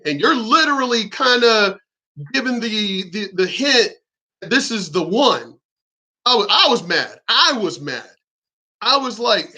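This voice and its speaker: A man's voice: high voice, lively intonation, normal speed, bright, forceful tone. A man from Virginia ranting in a casual vlog monologue, rambling and swearing heatedly. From Virginia, USA. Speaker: vlogger.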